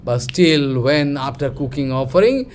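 A man, a spiritual teacher, giving a devotional storytelling lecture in animated, halting, broken English with many fillers. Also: mid-range voice.

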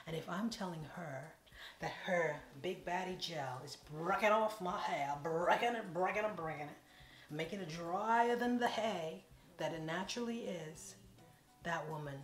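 Animated storytelling woman, echoey room. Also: deep voice, moderate pace. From Caribbean. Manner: animated, dramatic quoted voices, drops to whispers. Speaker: vlogger. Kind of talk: comic storytime monologue. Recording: echoey room with faint noise.

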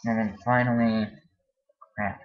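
A man talking casually in a home vlog, hesitant and halting, with many ums and restarts. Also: on the low side, flat delivery, over music. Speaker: vlogger. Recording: dull lo-fi home video.

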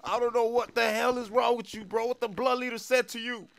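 A man's voice: extremely high pitch, steady tone, fairly quick, gravelly, a bit bright, full character voice. A man playing a nervous man who stammers and pleads that he is innocent in a homemade comedy skit. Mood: defensive.

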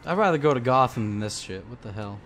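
Young guy freaking out over a horror game, swings high and low, music in the back. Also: animated, fast. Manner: jumpy, yelps and shouts when scared. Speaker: gamer playing a horror game. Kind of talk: casual let's play commentary.

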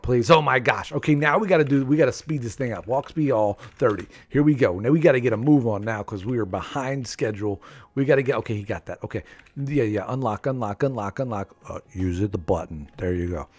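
A man's voice: lowish voice, animated, quick pace. A man in his thirties hosting a live game stream from home, playful and chatty, often repeating himself and laughing, speaking into a desk microphone. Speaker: livestream gaming host. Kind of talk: live gameplay commentary. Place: home room.

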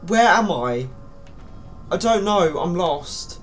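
A man's voice: high voice, expressive, slow, pauses often, fairly bright tone, soft background music. Jittery young man gaming. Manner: panicky, pleading, yelps and nervous laughs. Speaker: gaming YouTuber. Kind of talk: horror game commentary.

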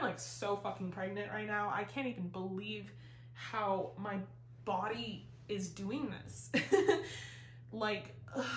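A woman talks through a tarot reading in a loose, rambling way, full of fillers and casual swearing. She sounds a little out of breath throughout. The room adds a noticeable echo. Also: mid-range voice. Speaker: tarot reader. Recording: roomy echo.

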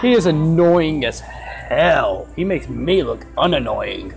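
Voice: medium pitch, sing-song, takes it slowly, creaky, over music. A let's play gamer giving joking, self-mocking commentary while reading game dialogue aloud. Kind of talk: casual gameplay commentary.

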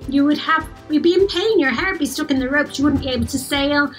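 A woman voicing a kindly seafaring chieftain father who reasons gently with his daughter in a children's story. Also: sits high, fast talker, faint music behind. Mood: fond reasoning.

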